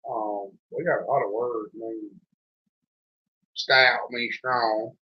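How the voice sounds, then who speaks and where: Taking his time, a man with a steady tone and mid-range voice chats casually as the host of a homesteading show. His drawl is folksy and his accent is thick rural North Carolina, from the Southern US. The sound quality is dull and lo-fi.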